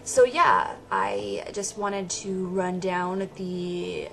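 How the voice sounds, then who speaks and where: A woman's voice: mid-range voice, flat delivery, very slow, vocal fry, a bit bright, soft background music. A woman giving a casual, rambling movie review, interrupting herself and laughing often.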